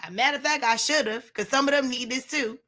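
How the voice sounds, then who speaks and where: A woman's voice: high voice, fast, sharp tone. A woman giving a blunt, preachy motivational talk on a live stream, speaking straight to her listeners as sis and y'all.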